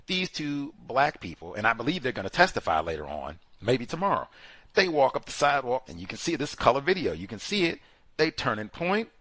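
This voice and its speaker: A man's voice: mid-range voice, normal speed, no echo. A man hosting a casual commentary show, talking animatedly and acting out what others said with exclamations. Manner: animated, acts out quoted speech with exclamations. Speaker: podcast host.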